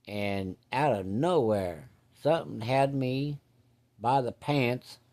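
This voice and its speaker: A man's voice: mid-range voice, takes it slowly, a little mellow. A man telling a rambling, plainspoken story from his childhood in casual, salty farm slang.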